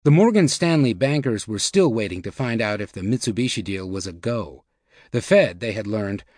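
Here a male narrator works through scripted nonfiction narration, even and measured, his voice at a typical mid pitch. It's captured close and dry, no echo, no room ambience.

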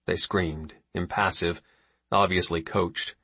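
A man narrates a novel at a steady, measured pace. His voice sits low and husky. The recording is dry and close. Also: dry recording. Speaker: audiobook narrator. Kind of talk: scripted narration.

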